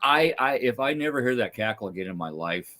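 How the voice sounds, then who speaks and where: A man's voice: mid-range voice, lively intonation, fairly quick, pushed and bright. Opinionated male host ranting casually. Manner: opinionated, ranting, stumbling restarts. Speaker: podcast host. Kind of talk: casual chat.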